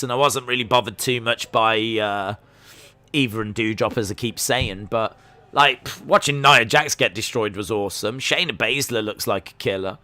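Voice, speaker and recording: A man's voice: medium pitch, bright, forceful tone, no room sound. A man hosting a live watch-along stream, musing casually with lots of fillers and restarts. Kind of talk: live reaction commentary.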